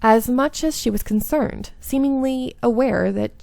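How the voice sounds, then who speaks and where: A woman's voice: fairly high pitch, unhurried, vocal fry, dark tone, no echo. A woman playing through a visual novel and reading its narration aloud, with small slips and asides. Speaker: game streamer.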